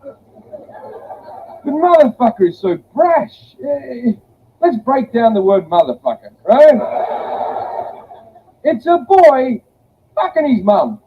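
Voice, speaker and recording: A man's voice: very high-pitched, sing-song, slow pace, long pauses. A man performing a blunt, profane stand-up comedy set. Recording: tinny phone-like audio with faint hiss.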